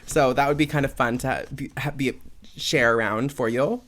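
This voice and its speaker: Young male podcast host, mid-pitched, loose rambling delivery with constant fillers. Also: steady tone, normal speed, a bit bright. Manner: chatty, rambling, many "like" and "um" fillers. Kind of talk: casual solo podcast chat.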